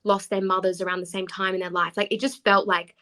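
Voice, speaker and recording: Aussie woman in her 20s, bright voice, chatty and animated, laughs a lot. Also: mid-range voice, fast. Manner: animated storyteller, laughs often. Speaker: guest actor. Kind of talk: casual podcast chat.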